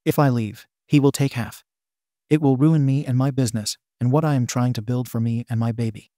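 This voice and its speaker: Mellow-voiced male story narrator. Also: mid-range voice, fairly even intonation, brisk, dry recording, clean studio sound. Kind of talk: scripted narration of online posts.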